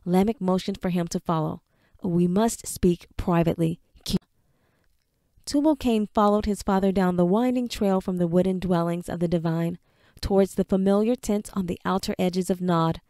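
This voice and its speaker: A woman's voice: on the low side, brisk, warm tone, no echo. Woman narrating an audiobook, dry sound. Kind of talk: scripted narration.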